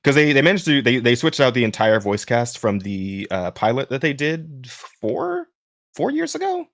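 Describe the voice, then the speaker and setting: Smooth-voiced male podcast host. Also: mid-range voice, huge pitch swings, normal speed, no room sound, studio quality. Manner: rambling, many restarts and fillers, laughs while talking. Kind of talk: casual chat.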